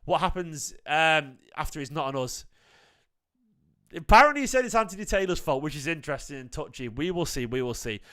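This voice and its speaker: A man's voice: fairly high pitch, animated, fairly quick, a bit bright. A man in his late thirties hosting a fan channel, talking casually and a bit defensively as he answers chat comments. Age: 30s. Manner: chatty, defensive, says mate often. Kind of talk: casual reaction talk to live chat.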